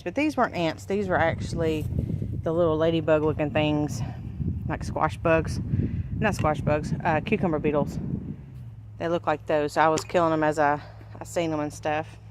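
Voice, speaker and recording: Filming outdoors on a handheld camera, this woman, a homestead gardening vlogger, gives her viewers a folksy, talkative tour of her vegetable garden, pointing things out as she walks. She speaks at a normal pace in a low voice with little pitch movement, over a noisy background.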